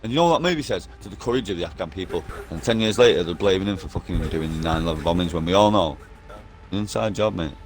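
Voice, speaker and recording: A man's voice: sits low, lively intonation, fast, faint music behind. A man in an online game party chat, ranting nonstop in a profane, repetitive and insistent way over a headset. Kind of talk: rambling conspiracy rant.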